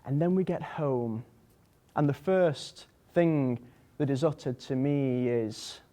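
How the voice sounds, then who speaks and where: A sardonic male rescue dog tells his tale in a theatrical comic monologue, as a young actor plays him. The delivery is dry and deadpan, in a mellow, darker-toned voice of ordinary middle pitch. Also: takes it slowly, lightly acted. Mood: wry deadpan. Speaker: monologue performer.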